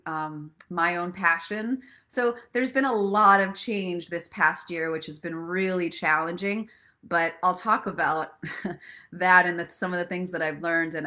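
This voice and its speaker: A woman's voice: on the low side, pushed and bright. A middle-aged woman, a self-love coach, chatting casually and emotionally with viewers on a live stream, then reading aloud from a book. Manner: chatty, emotional, laughs often. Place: at home in Los Angeles.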